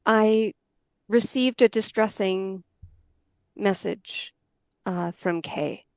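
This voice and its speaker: A woman's voice: mid-range voice, very slow, no room sound. A woman voicing a polite young woman vampire who talks formally and hesitantly. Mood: subdued.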